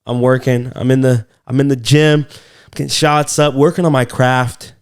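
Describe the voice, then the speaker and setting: A man's voice: mid-range voice, fairly even intonation, moderate pace, smooth. A man co-hosting a comedy podcast, telling loose, profane stories in casual chat. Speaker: podcast co-host.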